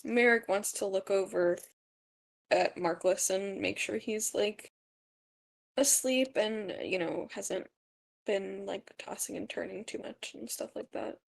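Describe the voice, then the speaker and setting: A woman's voice: medium pitch, unhurried, creaky. A woman playing her character in an online tabletop game, talking hesitantly and asking rules questions. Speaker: player. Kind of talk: tabletop game play, casual chat.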